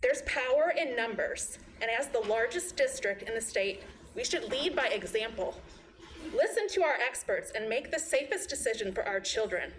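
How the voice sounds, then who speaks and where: A woman, a physician and mother, giving a measured, prepared public statement at a board meeting. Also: fairly high pitch, lively intonation, slight background noise, poor audio. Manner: measured, composed, reads prepared remarks. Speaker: physician and parent commenter.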